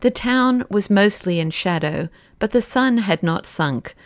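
A woman narrating a classic novel as an audiobook, in a steady, expressive way. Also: mid-range voice, a little slow, dry recording, studio quality. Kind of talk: scripted narration.

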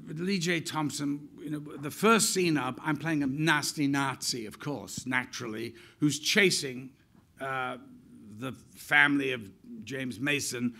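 Older actor, raconteur type; gravelly, bright, bawdy stage storyteller. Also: male voice, medium pitch. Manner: lively, irreverent storyteller, acts out quotes. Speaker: actor telling stories. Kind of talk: on-stage interview anecdote.

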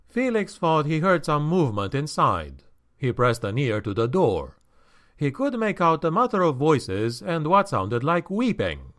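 A man reading a fantasy audiobook in a measured, expressive storytelling manner. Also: a little high. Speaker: audiobook narrator. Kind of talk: scripted fantasy audiobook narration.

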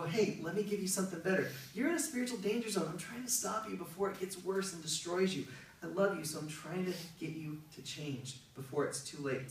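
A male pastor preaching a sermon in a conversational, emphatic way. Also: high-pitched. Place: church hall. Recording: very echoey, from far off, faint noise.

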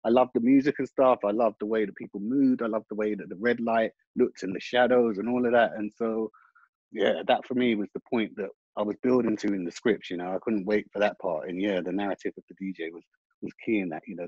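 A man with a low, slightly husky voice talks loosely about writing a script, leaning on "like" as he goes. The audio is dry and a bit muffled. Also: brisk, no room sound. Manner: relaxed, loose, full of fillers like "like". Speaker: screenwriter. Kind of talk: panel discussion.

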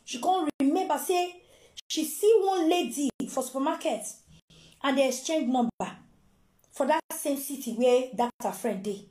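A Nigerian woman tells a story with lots of drama, her voice high and bright in pitch but mellow in tone. She acts out the people in her tale. The sound bounces around an echoey room. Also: normal speed. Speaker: storyteller host. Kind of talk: casual storytelling in pidgin.

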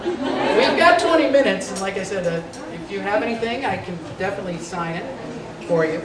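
A man's voice: sits high, lively intonation, fairly quick. A man guesting on a fan convention panel, rambling casually through audience questions and chuckling often. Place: large convention panel room. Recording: echoey hall from far off, crowd noise. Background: audience crowd.

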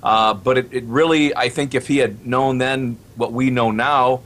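A man who heads a radio station, speaking as a talk show guest in a measured, deliberate way. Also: mid-range voice, steady tone, fairly bright tone.

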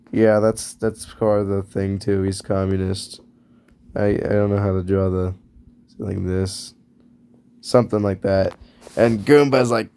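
A man with a fairly low, mellow, smooth voice talks at an unhurried pace with flat delivery. He's a video creator offering casual narration as he draws, wandering off topic and offhandedly correcting himself.

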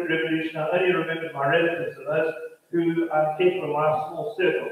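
The preacher, a man from South Africa with a slightly high voice, repeats phrases rhythmically to build his sermon. The audio has a phone-quality sound, taken from a distant mic in an echoing church hall.

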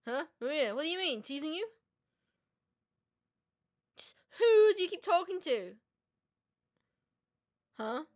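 A woman's voice: high voice, sing-song, takes it slowly, pauses often, a little mellow. A young woman playing a game on video, chatting, reacting and reading the characters' lines aloud. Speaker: let's play gamer. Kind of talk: casual gameplay commentary reading dialogue aloud.

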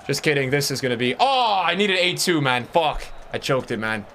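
A man's voice: mid-range voice, moderate pace. Young guy streaming a soccer game, swears a ton, voice bouncing up and down, bit of faint noise. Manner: excitable, swears a lot, talks to chat. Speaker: gaming streamer. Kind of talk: casual gameplay commentary.

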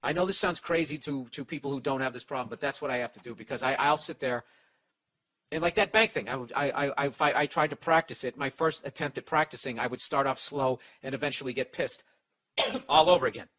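A man's voice: mid-range voice, brisk, bright, forceful tone, low-quality recording. A man hosting a podcast, giving blunt, profane advice in a sarcastic rant.

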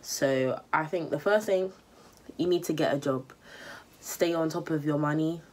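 A woman's voice: sits low, measured pace, a little mellow. A young woman, bluntly scolding viewers with money advice in a vlog. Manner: blunt, scolding, repetitive, slangy. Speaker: vlogger.

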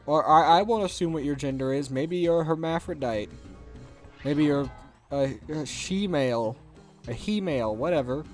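A man's voice: a little high, moderate pace, faint music behind. A man hosting a let's play, rambling through gameplay commentary with sarcastic, jokey asides.

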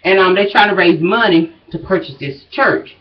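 A woman's voice: on the low side, expressive, normal speed. Woman, out of breath, folksy vlog chat, muffled distant sound. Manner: chatty, folksy, drawling asides. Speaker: vlogger. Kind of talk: casual chat to viewers. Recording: dull, distant home recording.

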